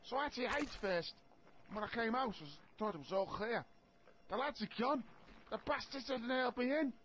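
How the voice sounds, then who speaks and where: A man's voice: very high-pitched, brisk, muffled recording, a little hiss or hum. An actor playing a jittery, frightened working-class man with a Liverpool accent, rattling through a story in video game dialogue.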